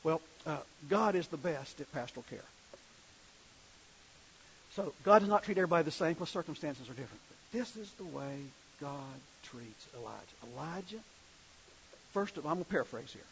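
A man's voice: on the high side, lively intonation, fairly quick, dull audio, a little hiss or hum. A male preacher giving a sermon in a conversational way, asking the congregation questions as he reads scripture.

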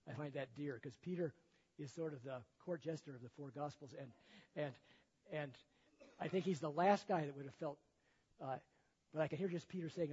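A man's voice: on the high side, normal speed, pauses often, a little mellow, slightly rough. An older man preaching a sermon and retelling a Bible story in a folksy, conversational way, often chuckling at his own remarks. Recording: echoey hall, dull lo-fi sound.

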